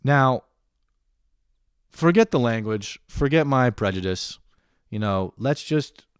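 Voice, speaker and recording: A man's voice: mid-range voice, lively intonation, slow, smooth, no room sound, studio quality. A young man in a profane comedic rant, swearing constantly and sounding exasperated as he complains. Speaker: comedic vlogger.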